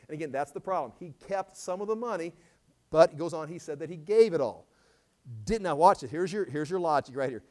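Male pastor, high-pitched, conversational sermon delivery with acted scripture quotes and frequent restarts. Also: a little mellow. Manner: conversational preaching, quoting scripture in acted voices; repeats words when restarting.

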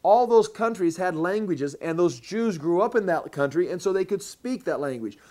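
A man preaching a sermon as pastor, explaining a Bible passage step by step in an emphatic way and slowing down to stress key words. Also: high voice, expressive, darkish tone. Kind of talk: sermon, verse-by-verse Bible teaching.

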